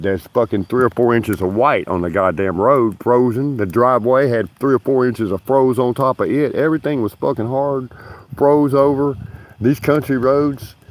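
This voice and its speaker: A man telling a rambling, profane story on a casual livestream. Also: lowish voice.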